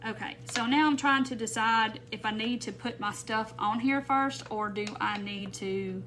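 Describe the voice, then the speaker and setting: Woman, craft livestream host, bright and clear, chatty and rambling, slight background hiss. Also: on the high side, moderate pace. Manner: rambling, thinking aloud, greets viewers by name. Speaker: craft live-stream host. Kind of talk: casual craft tutorial chat. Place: home craft room.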